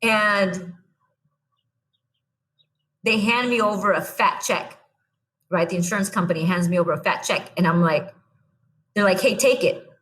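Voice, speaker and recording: A young adult woman, a podcast guest, telling her own story in a blunt, animated way and acting out what she said back then. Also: on the low side, a little slow, pauses often. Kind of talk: casual storytelling.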